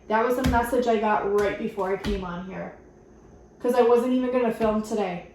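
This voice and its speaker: A woman giving a channeled spiritual card reading, earnest and gently giggly, reading card messages aloud. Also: fairly high pitch, normal speed. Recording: very echoey room with faint noise.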